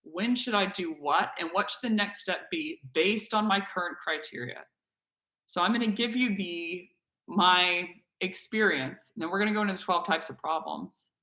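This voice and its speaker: Animated woman host in an echoey room. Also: fairly low pitch, normal speed. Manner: energetic, candid, acts out quoted dialogue. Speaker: webinar host. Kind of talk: animated storytelling to a live webinar audience.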